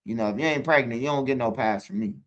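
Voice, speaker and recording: Quick and a bit bright at medium pitch, this man's voice comes through on dull audio. He's a channel host with a Chicago accent whose casual storytelling monologue rambles and swears, leans on "bro," and speaks right to his viewers, asking them to leave comments.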